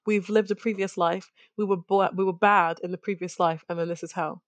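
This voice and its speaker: A woman chatting as a podcast co-host, wry and measured with dry humor. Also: fairly low pitch, steady tone, no echo. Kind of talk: casual chat.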